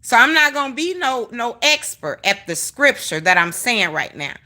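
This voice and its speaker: Animated, bright-voiced woman ranting on a livestream. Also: on the high side, normal speed. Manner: emphatic, profane, talking straight to the viewers. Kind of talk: heated commentary rant to a live chat.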